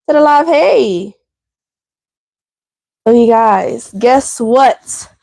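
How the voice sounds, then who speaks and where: A woman's voice: on the high side, animated, extremely slow, vocal fry, pauses often, dark tone, dry recording. A woman hosting a casual livestream at home, chatting with viewers and addressing them as y'all. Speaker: channel host. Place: home indoors.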